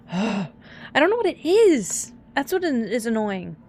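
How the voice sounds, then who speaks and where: A young woman chats casually on a live stream while gaming, teary and sniffly from crying, rambling and flustered as she laughs at herself. Her voice is on the high side, sing-song and darkish, and she takes it slowly, with faint music in the background.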